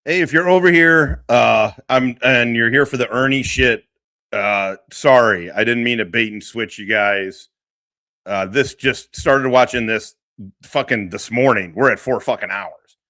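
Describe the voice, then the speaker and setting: A man's voice: medium pitch, a little slow, sharp tone, no room sound. A man hosting a livestream, talking casually and swearing a lot as he mocks and laughs. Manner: profane, laughing, mocking. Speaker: streamer host.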